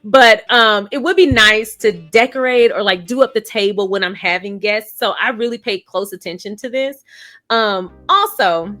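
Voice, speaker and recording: A woman casually reviewing a show and telling a funny personal story in a chatty, animated way. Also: mid-range voice, normal speed, soft background music. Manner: chatty and animated, laughs while telling stories.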